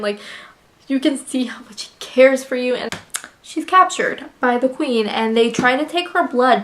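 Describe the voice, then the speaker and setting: A woman's voice: fairly high pitch, fairly bright tone. A young woman casually recapping a novel she loved, emotional and full of fillers. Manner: gushing, emotional, filler-heavy retelling. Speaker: book reviewer. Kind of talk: casual book review chat.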